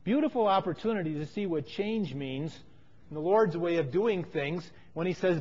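A man with a fairly high voice preaches a sermon, mixing a personal story with scripture. He leans into key lines and then falls quiet. The recording is muffled, with a long reverb trailing off the walls. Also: expressive, a little slow. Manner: storytelling, emphatic, drops to quiet phrases. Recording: dull sound with long hall reverb.

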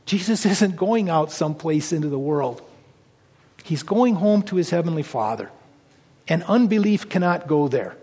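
A man with a notably high voice preaches a sermon. He reads scripture aloud and explains it with earnest conviction. His voice rings out with a long reverb, as if in a large hall. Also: expressive, moderate pace, warm tone, husky. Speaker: pastor.

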